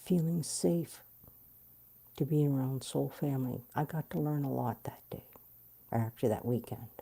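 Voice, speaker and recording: A middle-aged woman telling a personal story in an interview, animated and blunt, swearing freely. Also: extremely low pitch, moderate pace, vocal fry, slightly rough. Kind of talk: candid storytelling.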